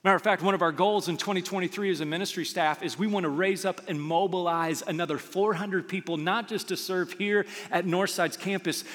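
Pastor preaching in a reverberant hall. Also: male voice, high-pitched. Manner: animated, conversational storytelling with acted quotes. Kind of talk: sermon. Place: church auditorium.

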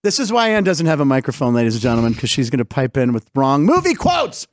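A middle-aged man hosting a casual comedic sports talk show, rambling through jokes and quick asides. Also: medium pitch, huge pitch swings, no echo. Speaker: host.

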